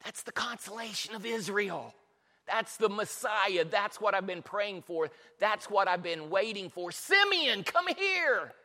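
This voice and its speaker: A preacher voicing an old widowed prophetess who pleads and rejoices in a sermon retelling, in a hall with long reverb. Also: male voice, high voice, measured pace, bright, forceful tone, exaggerated voice. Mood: eager, elated.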